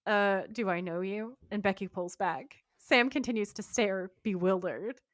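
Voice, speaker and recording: A woman's voice: mid-range voice, unhurried, dry recording. Woman recapping a show in a dry room. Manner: reads scene notes aloud, mimicking lines, laughing often. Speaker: podcast co-host. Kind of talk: casual recap of a TV episode.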